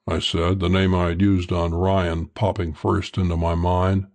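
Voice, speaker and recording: Low-voiced man narrating hardboiled crime. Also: level tone, a little slow, a little mellow. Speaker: audiobook narrator.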